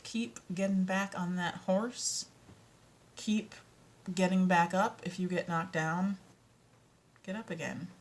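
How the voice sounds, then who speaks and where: A woman with a Minnesotan accent talks casually to camera in a rambling, self-doubting way, her low voice often sinking to a whisper. She sounds tired. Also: fairly even intonation, takes it slowly, pauses often, background noise. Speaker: vlogger and audiobook narrator. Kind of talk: casual vlog chat.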